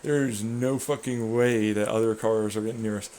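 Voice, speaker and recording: A young racer with a voice on the low side talks at normal speed, animatedly swapping racing stories in casual chat. He swears and laughs often, mimicking people in mock voices when he quotes them.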